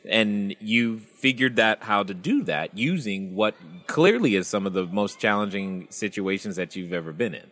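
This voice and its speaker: A man hosting a podcast interview, his voice sitting on the low side. He encourages his guest and steps in to sum up the takeaways for his listeners. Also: expressive, normal speed, hardly any pauses, a bit bright, in a large hall. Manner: encouraging, sums up lessons for listeners. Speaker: podcast host.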